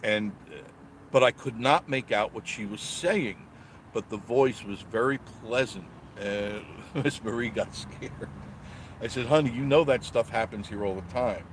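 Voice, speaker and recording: A male vlogger in a moving car reads live chat and jokes around with his audience in a rambling, casual way. He speaks in a mid-range voice, a little slowly, with a faint hiss or hum in the recording.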